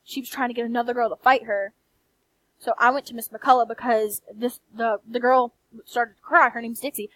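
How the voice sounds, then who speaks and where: A young woman with a country accent, ranting in a soft-spoken late-night vlog, candid and blunt with frequent swearing. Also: on the high side, fairly even intonation, moderate pace, no echo, poor audio. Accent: American country. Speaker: vlogger. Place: quiet room late at night.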